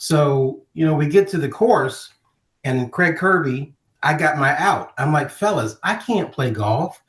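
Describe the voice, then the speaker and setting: A middle-aged man from Ohio, telling stories as a podcast guest in a lively conversational way and acting out other people's voices. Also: fairly high pitch, a little slow. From Ohio, USA. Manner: animated storyteller, acting out quoted voices. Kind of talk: storytelling in casual conversation. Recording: roomy echo.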